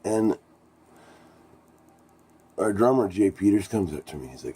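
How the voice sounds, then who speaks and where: A middle-aged man with an extremely low, dark, mellow voice tells a band story in a casual vlog. He rambles, swears often and sounds thrilled by what happened. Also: very animated, brisk, gravelly, long pauses, slightly rough. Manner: rambling, profane, enthusiastic storyteller. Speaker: musician telling a band story.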